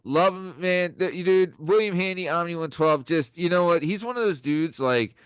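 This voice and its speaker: A man with a fairly high, resonant voice that's clean and polished. He hosts a casual podcast, bouncing between jokes and cheerful, profane chatter. The sound is dry and close, with no room around it. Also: normal speed, clear, resonant tone, no room sound. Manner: excitable, joking, profane. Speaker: podcast host.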